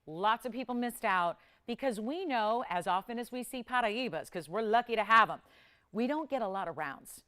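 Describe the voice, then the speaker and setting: A woman's voice: a little high, expressive, moderate pace, bright, forceful tone. A woman hosting a live TV jewelry shopping show, enthusiastic and repeating words for emphasis. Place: TV studio.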